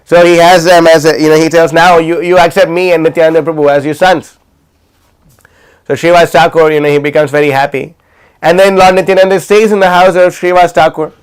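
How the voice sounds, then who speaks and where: Storytelling man with a smooth voice. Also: fairly high pitch, level tone, a little fast. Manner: retells stories with many fillers and restarts. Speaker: class speaker. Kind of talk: storytelling class talk. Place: livestreamed class.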